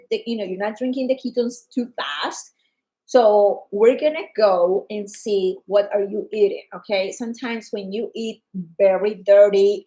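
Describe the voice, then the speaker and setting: A woman from Colombia with a Colombian Spanish accent, chatting casually and excitedly about a wellness product, acting out customers' lines. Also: mid-range voice, low-quality recording. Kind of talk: casual livestream chat.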